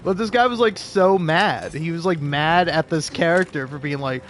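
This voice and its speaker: A man's voice: a little high, moderate pace, few pauses, fairly bright tone, a little hiss or hum. A young man streaming a video game, rambling casually with lots of swearing and filler words. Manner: rambling, profane, laughing asides. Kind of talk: casual gameplay commentary.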